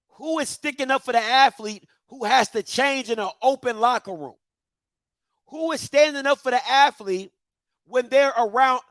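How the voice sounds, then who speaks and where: A man's voice: very high voice, a bit bright, no echo. A man delivers a heated, emphatic opinion rant. He hammers home repeated rhetorical questions. The sound is dry and close to the mic. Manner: emphatic, repetitive rhetorical questions, mock-voices others. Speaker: commentary show host.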